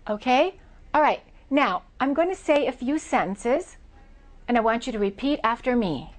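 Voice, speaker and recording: An American woman, an accent reduction trainer, giving a pronunciation lesson with slow, deliberate, over-articulated example words. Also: sits high, animated.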